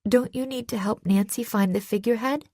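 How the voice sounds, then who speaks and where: A woman's voice: a little fast, no echo, studio quality, lightly acted. A woman doing a cheerful young woman sailor. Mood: hesitant. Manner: higher, bright cheerful voice.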